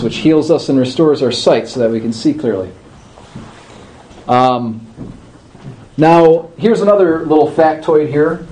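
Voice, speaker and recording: Man giving a relaxed liturgy class. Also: mid-range voice, slight background noise, poor audio. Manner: conversational, checks in with listeners, drawn-out chanted demonstrations. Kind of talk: informal class talk.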